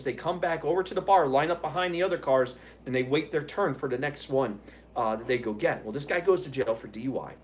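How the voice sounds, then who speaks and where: A man hosting a live stream, chatting casually and telling stories in a rambling, profane way, laughing often. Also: a little high. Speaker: live streamer answering chat.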